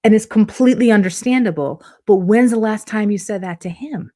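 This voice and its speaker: A middle-aged woman relationship coach answering interview questions in a lively way, acting out her clients' voices as she tells stories. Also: medium pitch, brisk. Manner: animated, acts out quoted clients in different voices.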